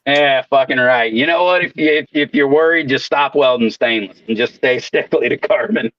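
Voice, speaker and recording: A man's voice: mid-range voice, moderate pace, no echo, lo-fi sound. A man telling rowdy work stories in casual, profane chat, swearing constantly. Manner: swaggering storyteller, swears constantly. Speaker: welder co-host.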